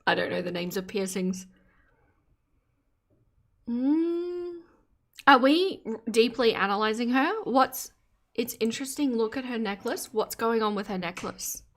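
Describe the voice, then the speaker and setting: A woman's voice: fairly high pitch, lively intonation, unhurried, long pauses. A woman hosting a casual livestream, reacting to clips and chatting with her viewers in a giggly, rambling way as she reads their comments aloud. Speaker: streamer host.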